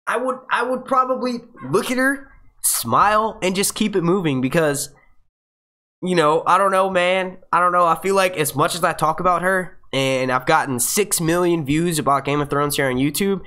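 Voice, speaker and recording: A man's voice: high voice, moderate pace, bright, forceful tone. A man in his twenties, hosting a channel and casually answering live chat in a rambling way, with frequent restarts.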